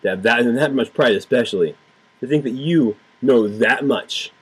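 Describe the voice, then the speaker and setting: Speaking at normal speed in a husky, mid-range voice, a man gives a ranting political commentary to camera, full of heat, sarcasm, repetition, and free swearing. He's a political vlogger, and the audio is poor.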